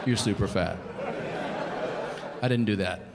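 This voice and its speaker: Dude in his 40s doing stand-up, deadpan and foul-mouthed, crowd laughing loud behind him. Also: fairly low pitch, measured pace, vocal fry, heavy background noise. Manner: deadpan, profane, acts out exchanges. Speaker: stand-up comedian. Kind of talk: stand-up routine. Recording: live stage mic over crowd laughter. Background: audience laughter.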